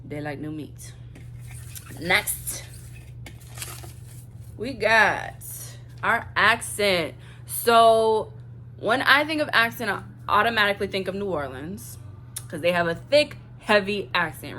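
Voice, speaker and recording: A woman's voice: mid-range voice, lively intonation, takes it slowly, sharp tone, slight background noise. A young woman from Louisiana with a Southern accent, chatting bluntly and profanely to camera in a vlog, hammering points home with repetition. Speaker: vlogger. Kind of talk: casual chat to camera.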